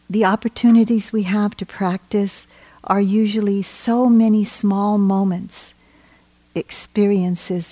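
Woman meditation teacher, dharma talk: warm, mellow, gentle and reflective, dry close sound. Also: medium pitch, no echo. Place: meditation retreat.

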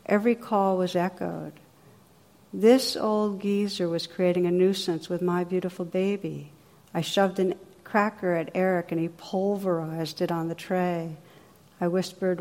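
Brief: woman from New Jersey, meditation teacher, low and gentle dharma talk, long hall reverb. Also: steady tone. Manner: gentle, unhurried storytelling with soft pauses.

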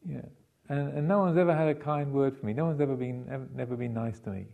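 A man's voice: medium pitch, fairly even intonation, fast talker, creaky, phone-quality sound, lightly acted. A man voicing Death as a lonely skeleton reaper who complains tearfully that everyone hates and fears him. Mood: plaintive. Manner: whining, complaining, plaintive.

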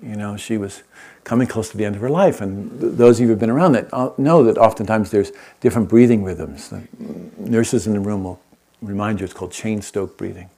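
Gravelly, husky-voiced man telling a story. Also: lowish voice. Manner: gentle, unhurried, checks in with listeners. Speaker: meditation teacher. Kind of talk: storytelling talk to a live audience.

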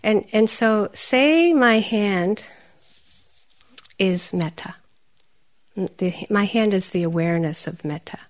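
This is a woman giving a meditation talk in a storyteller's way. She grows animated and laughs often. At times she softens to a quiet, breathy near-whisper. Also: mid-range voice, slow pace, pauses often. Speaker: meditation teacher. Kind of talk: dharma talk.

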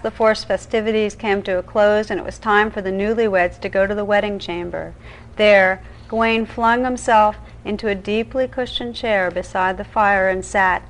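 A woman meditation teacher reading an old legend aloud in a calm, measured way during a dharma talk. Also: mid-range voice, rough recording.

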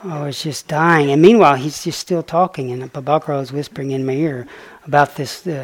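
Male dharma teacher, animated storyteller, voice sinks to a soft hush for key lines. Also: mid-range voice. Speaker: meditation teacher. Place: meditation retreat hall.

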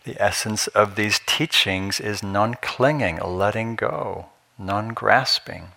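Deep-voiced man giving a relaxed dharma talk. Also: slow pace, creaky. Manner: relaxed, humorous storytelling with soft chuckles. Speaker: meditation teacher. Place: meditation hall at a retreat center.

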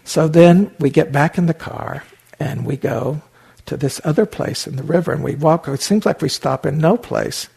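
Older man with a gravelly, husky voice. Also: on the high side, normal speed, darkish tone. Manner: anecdotal, wry, many fillers and restarts. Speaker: meditation teacher. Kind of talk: dharma talk storytelling.

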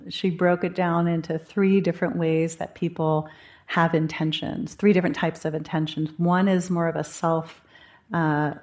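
A woman meditation teacher giving a dharma talk at a retreat, conversational and gently humorous, thinking aloud as she goes. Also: low voice.

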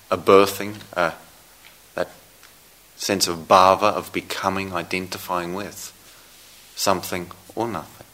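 A man giving a dharma talk as a meditation teacher, speaking slowly and reflectively with long pauses. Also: deep voice, pushed and bright. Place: meditation hall.

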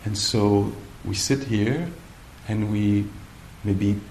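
Guy teaching meditation, lowish voice, laid back and playful, roomy hall w faint hum. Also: fairly even intonation. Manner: gentle, playful, pauses often. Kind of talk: dharma talk.

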